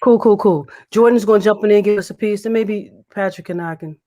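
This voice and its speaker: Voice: mid-range voice, a little fast, mellow, lo-fi sound. A laid-back host of an online open mic, chatting casually between poems and repeating words like "indeed" and "dope". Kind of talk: casual chat.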